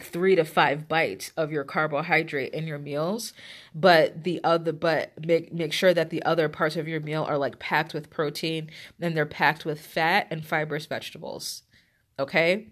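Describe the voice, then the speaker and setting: A woman with a stuffy, congested nose giving casual health advice to her viewers, chatty and direct, with lots of fillers and restarts. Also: sits low. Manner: direct, addresses viewers as guys and ladies. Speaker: health coach. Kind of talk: casual advice talk to camera.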